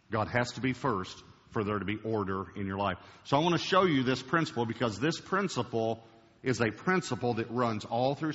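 Emphatic preacher in a big hall. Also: male voice, on the low side, a bit bright. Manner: emphatic, slows down to stress key words. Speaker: pastor. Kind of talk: sermon. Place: large church auditorium. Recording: dull recording with long hall reverb.

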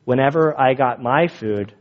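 A man preaching a sermon and telling his own stories in an animated, jokey way, laughing at his own stories. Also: mid-range voice, moderate pace, highs cut off. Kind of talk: sermon with personal storytelling.

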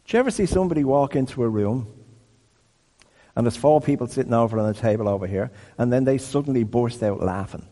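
A man's voice: mid-range voice, fast talker, mellow. A man in his fifties giving a conversational sermon-style teaching talk, often asking the audience questions. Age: 50s. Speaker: speaker. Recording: long hall reverb.

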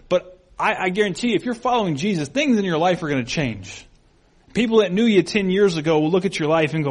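A male pastor giving a sermon, animated and conversational, acting out quoted people with raised voices. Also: high-pitched.

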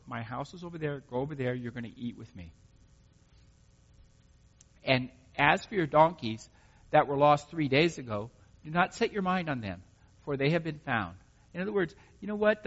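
A man reading scripture aloud and explaining it in a relaxed, conversational way, thinking aloud as he goes. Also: fairly high pitch. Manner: conversational, thinks aloud, plain-spoken asides. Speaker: Bible study teacher. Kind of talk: informal scripture reading and commentary. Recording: muffled recording with long hall reverb.

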